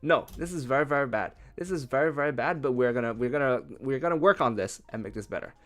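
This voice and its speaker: A man working through a translation out loud in a casual, chatty way, thinking as he goes. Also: mid-range voice, quick pace. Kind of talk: casual live-translation commentary.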